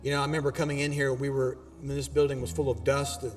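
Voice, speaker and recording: A man preaching a sermon as pastor in a church auditorium, animated and exhorting, with casual asides to the congregation. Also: mid-range voice, fast, long reverb tail, faint music behind.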